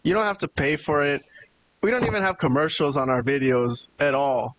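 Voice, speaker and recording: On the high side and a bit bright, this man's voice moves at a moderate pace, though the highs are cut off. He's a wrestling podcast host, chatting casually while he rambles, swears, and vents to his co-hosts.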